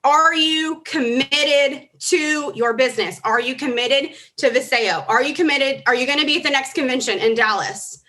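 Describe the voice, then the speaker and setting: Woman, 30s, convention keynote speaker, earnest and emotional, fairly high voice. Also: moderate pace, few pauses, pushed and bright. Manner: emotional, earnest, rising to urgent exhortation. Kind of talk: motivational stage speech. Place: large convention hall.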